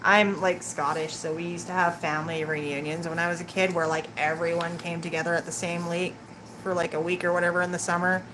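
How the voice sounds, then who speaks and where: On a live stream, a woman reads tarot, bantering with viewers and frequently laughing. Her lowish voice stays fairly flat in pitch, her pace is brisk, and there's clear noise in the background.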